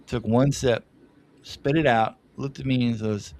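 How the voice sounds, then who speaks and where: A podcast guest tells rambling family stories in a casual way, often laughing at himself. His voice is mid-range and darkish, with fairly even intonation and a measured pace, against slight background noise.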